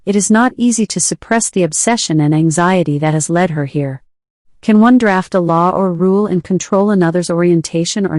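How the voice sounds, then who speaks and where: A woman reading a short story aloud in a measured, even way. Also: lowish voice, no echo, clean studio sound. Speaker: reader.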